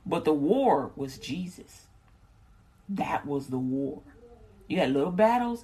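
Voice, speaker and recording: A woman teaches from the Bible in a loose, casual way. She rambles, slips into slang and often restarts her sentences. Her voice has a husky, breathy edge. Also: sits low, unhurried, darkish tone.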